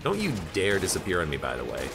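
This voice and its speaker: Chatting with viewers during a gaming stream, a man jokes around casually as he plays. He talks fast in a low, creaky voice whose pitch swoops wildly up and down.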